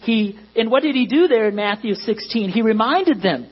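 A man's voice: high-pitched, lively intonation, normal speed, hardly any pauses, slightly rough. A man preaching a sermon to a congregation in a conversational way that rises to emphatic peaks. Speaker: pastor. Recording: dull lo-fi recording with mains hum.

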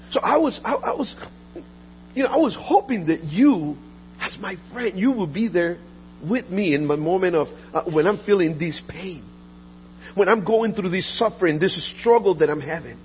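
A man preaching a sermon earnestly, often restarting and repeating words, and dropping soft and low in the painful parts. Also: expressive, moderate pace. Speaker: pastor. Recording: dull lo-fi audio with faint mains hum.

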